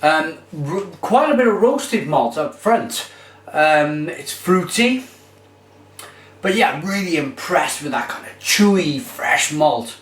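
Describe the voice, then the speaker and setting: A man's voice: fairly high pitch, lively intonation, slow pace. A man giving a casual, enthusiastic beer tasting review. He rambles with fillers as he talks. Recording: roomy echo, mic far off.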